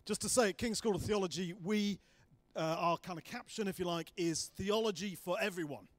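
A man preaching to a church congregation in a relaxed, joking way, full of quick asides. His voice sits a little high, and the sound is close and dry with no room echo. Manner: jokey and chatty, self-deprecating asides. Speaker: guest preacher. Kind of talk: church sermon. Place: church hall.

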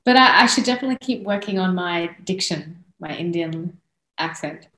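A woman in her thirties, from Australia, talks in a lowish, animated voice as a podcast guest. She laughs easily between points. The room around her is echoey. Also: normal speed. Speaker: singer-songwriter guest. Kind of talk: casual podcast conversation.

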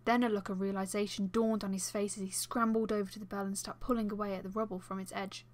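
A woman reading a first-person fan audiobook as its narrator, with expressive delivery. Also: mid-range voice, quick pace.

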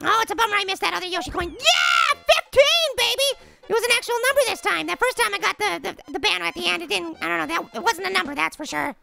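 A man voicing a tiny, cocky boy apple in a cartoon gaming video, trash-talking in a squeaky, gravelly high voice with slangy rhymes. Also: wildly swooping pitch, fast, exaggerated voice. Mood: playful. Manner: brash, jokey trash talk with slangy rhymes. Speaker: game-playing cartoon character. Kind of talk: let's-play commentary in character. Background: game music.

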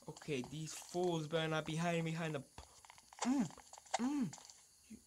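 A woman commentating her gameplay, excitable and trash-talking, swearing often and repeating words in taunting bursts. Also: lowish voice, a little fast, a little hiss or hum. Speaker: gaming channel host.

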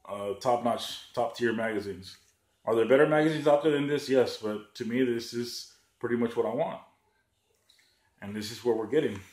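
A man's voice: medium pitch, darkish tone. Swearing, sarcastic man ranting. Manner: heated, sarcastic, swears a lot, mocks others in a raised voice. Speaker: gun channel vlogger. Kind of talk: profane ranting vlog. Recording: echoey room.

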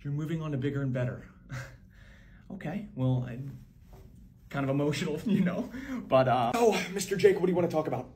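A man's voice: a little high, brisk, pauses often, mellow, slight background noise, natural voice. A man playing several kinds of male managers in a comedy sketch, curt and businesslike. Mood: blunt. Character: blunt arrogant male boss.

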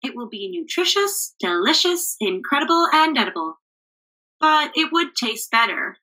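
A woman's voice: high voice, sing-song, moderate pace, bright, forceful tone, slightly rough, voice pushed up, full character voice, rough recording. A woman reading aloud and voicing a pair of clever, hungry travelling cooks in a bouncy, sing-song storybook manner. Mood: excited.

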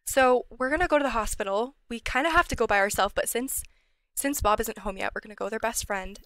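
Young female gameplay host, chatty and bright-pitched, recorded dry and close. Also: quick pace, dry recording. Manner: chatty, drops to whispers when worried. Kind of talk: casual let's-play commentary.

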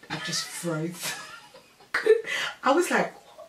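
A young woman telling a personal story in casual chat, animated and full of fillers, acting out what people said. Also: mid-range voice, normal speed. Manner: animated, chatty, full of fillers and acted-out quotes. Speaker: storyteller guest. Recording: roomy sound from a distant mic.

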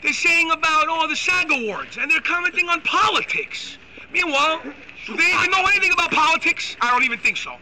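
A man hosting a live stream, ranting loudly and excitably with crude insults. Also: very high voice, a little fast, a little hiss or hum, poor audio. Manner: loud, excitable, profane, insulting. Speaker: host. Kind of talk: live-streamed political rant.

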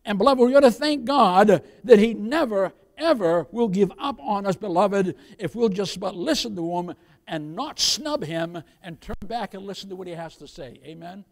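A man preaching a sermon as pastor, swinging from loud exhortation down to near-whispers, with many calls of "beloved" and "Amen?". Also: high-pitched, normal speed, in a large hall. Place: church sanctuary.

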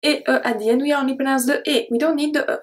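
A woman teaching a French pronunciation lesson. She says each word slowly, repeats it, then explains it patiently. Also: high-pitched, fairly even intonation.

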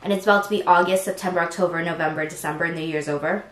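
A young woman hosting an eating show, chatting excitedly with viewers between bites. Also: on the low side, racing, reverberant. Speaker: mukbang host. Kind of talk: casual eating-show chat.

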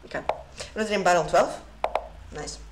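A woman's voice: fairly low pitch, a little fast. A woman streaming chess live, chatting with viewers and laughing often. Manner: giggly, laughs often between remarks; reads out moves and chats with viewers. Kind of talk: casual live-stream chat while playing blitz. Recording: echoey room with clear background noise.

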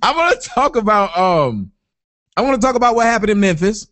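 A man hosting an online talk show, ranting loudly and profanely in a comic style. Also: high voice, brisk. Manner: loud, profane, animated, breaks into sung chants. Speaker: host.

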